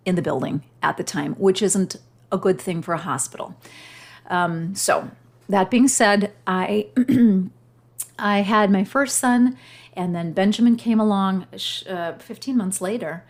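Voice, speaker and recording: A middle-aged woman hosting her own podcast, telling a personal story in a heartfelt, emotional way. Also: on the low side. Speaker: podcast host.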